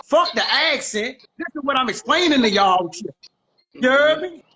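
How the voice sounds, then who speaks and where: A man's voice: extremely high pitch, lively intonation, moderate pace, pushed and bright, slight background noise, low-quality recording. A man from Washington, D.C., talking candidly and with emphasis. He repeats his points and uses heavy street slang. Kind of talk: candid conversation.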